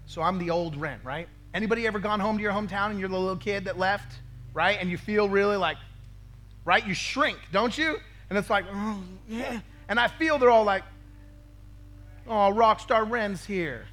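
A man's voice: high voice, brisk, pushed and bright. A male pastor preaching a sermon, telling a story with acted-out quotes and frequent "right?" asides to the congregation.

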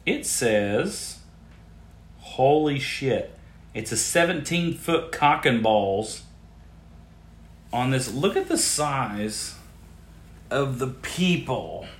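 A man's voice: medium pitch, drawn-out words, long pauses. A man hosting a podcast and riffing crudely on odd news stories, incredulous and swearing freely. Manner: crude, incredulous, animated outbursts. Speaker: podcast host. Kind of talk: profane comedic news riffing. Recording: roomy echo.

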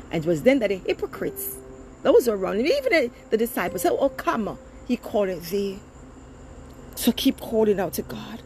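A woman preaching a sermon in a slow, fervent way, her pitch leaping up and dropping low. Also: a little mellow, rough recording.

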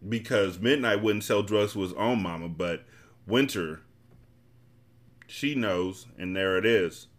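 Low-voiced man reading a novel aloud. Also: slow pace. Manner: casual, blunt, profane commentary. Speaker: podcast host and reader.

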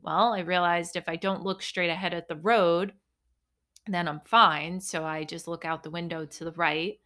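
A young woman talks straight to her podcast listeners, easy and conversational. Her voice is bright and forceful. She tells her stories in a lively way and pokes fun at herself. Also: lowish voice, normal speed. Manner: chatty, animated storytelling with playful self-mockery. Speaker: podcast host. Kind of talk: casual solo podcast monologue.

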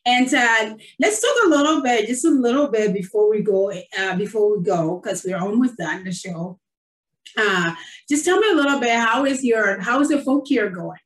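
Woman host and nurse, effusive and chatty, slightly high, roomy far-off sound. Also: animated, moderate pace. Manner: effusive, many fillers, emotional. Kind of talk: casual online interview. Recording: roomy, distant from the mic.

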